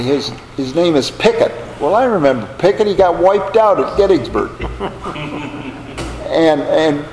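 A man's voice: on the high side, darkish tone. Older man, from the US, Bible teacher, folksy storytelling, roomy echo, faint background hum. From United States. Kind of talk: Bible class lecture.

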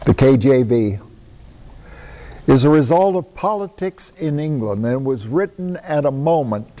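An older man with a Midwestern American accent, a pastor teaching a Bible class in a relaxed, conversational way and taking questions from the group. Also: fairly high pitch, big-room sound. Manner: conversational, takes questions, chuckles at himself.

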